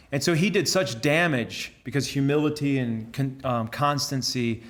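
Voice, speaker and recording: A friar gives a conversational conference talk to a lay audience. This man tells stories earnestly, repeating words and restarting sentences as he thinks aloud. His voice sits at an ordinary male pitch. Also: normal speed, few pauses, a bit bright. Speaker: friar giving a conference to laypeople. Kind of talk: conversational sermon.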